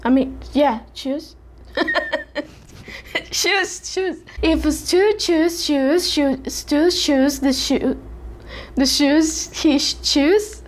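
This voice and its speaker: Mexican lady vlogging, high voice, slow careful tongue twisters, keeps tripping and restarting. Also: slight background noise. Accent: Mexican Spanish. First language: Spanish. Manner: stumbling, self-correcting, giggly. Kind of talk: casual tongue-twister attempts.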